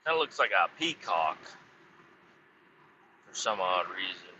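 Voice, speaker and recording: Profane man rambling, very bright voice. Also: sits low, sing-song, unhurried, a little hiss or hum. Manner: profane, meandering, self-correcting. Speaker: podcast host. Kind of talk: rambling casual storytelling. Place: outdoors beside a road. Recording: slightly muffled, dull recording.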